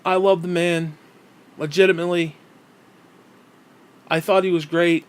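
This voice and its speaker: A man's voice: high-pitched, little pitch movement, unhurried, smooth. A man ranting angrily on camera, hostile and swearing constantly. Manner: hostile, heavily profane. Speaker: vlogger. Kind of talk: angry personal rant.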